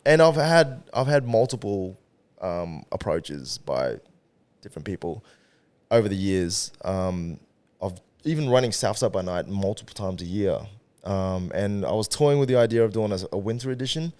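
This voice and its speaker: A man's voice: fairly low pitch, moderate pace. A man in his thirties, a podcast guest talking casually and with energy, swearing freely and acting out what people say. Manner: animated, swears freely, acts out quoted voices. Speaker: podcast guest, event organizer and rapper. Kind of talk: casual conversational interview.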